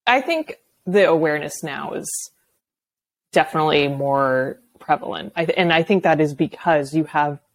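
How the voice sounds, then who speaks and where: A young woman with a notably low-pitched voice chats casually as a podcast guest. She laughs often and fills her sentences with loose fillers. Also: lively intonation, moderate pace. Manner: chatty, laughs often, many filler likes. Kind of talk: casual chat.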